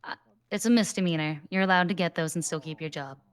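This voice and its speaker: A woman's voice: fairly low pitch, quick pace, smooth. Blunt, swearing roleplay judge, a woman. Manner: blunt, profane, lecturing. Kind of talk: in-character roleplay.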